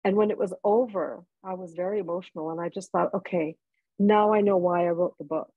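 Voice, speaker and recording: A woman's voice: lowish voice, fairly even intonation, a little fast, breathy edge, no echo, narrow, tinny audio. A woman from Jamaica, an author guest in an interview, telling personal stories in a heartfelt way with restarts. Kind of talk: interview conversation.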